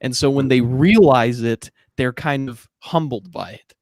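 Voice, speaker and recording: A man's voice: mid-range voice, unhurried, darkish tone. A man with a mid-range voice takes part as a guest in a casual livestream chat. He explains things eagerly, and his voice sounds dry, with no room echo. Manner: enthusiastic, explanatory.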